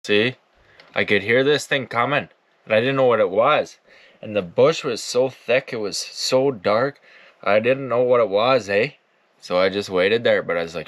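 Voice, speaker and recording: Bush guy, mid-pitched, easygoing rambling reaction voice, salty language. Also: normal speed, a bit bright, dry recording. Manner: laid-back, rambling, swears often. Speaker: outdoors YouTuber. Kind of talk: casual reaction commentary.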